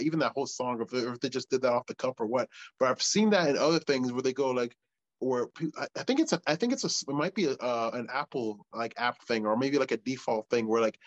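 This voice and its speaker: A man's voice: medium pitch, no room sound, muffled recording. A male wrestler as interview guest, talking casually, hesitant and full of fillers. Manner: hesitant, filler-heavy, laid-back.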